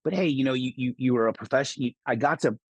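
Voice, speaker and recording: A man in his forties from California, a guest telling an animated story with stumbling restarts. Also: medium pitch, fast, husky, dry recording, highs cut off. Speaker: guest, loan officer. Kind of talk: casual storytelling.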